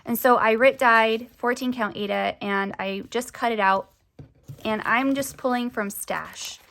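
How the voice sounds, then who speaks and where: A woman's voice: on the high side, creaky, a bit bright. A young woman chatting casually to camera as a crafting vlogger, rambling with lots of fillers, her voice often rising at the ends of sentences.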